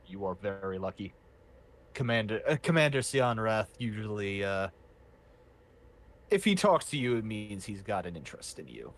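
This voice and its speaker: A man voicing a dutiful, gruff male camp guard who gives plain warnings in a low, matter-of-fact voice. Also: very animated, moderate pace, pauses often.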